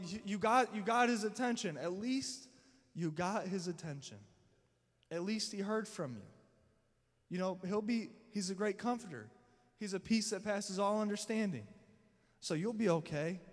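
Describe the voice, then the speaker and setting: A man's voice: sits high, big-room sound. A man preaching a sermon to his church, telling a scripture story dramatically and voicing the people in it. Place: church sanctuary.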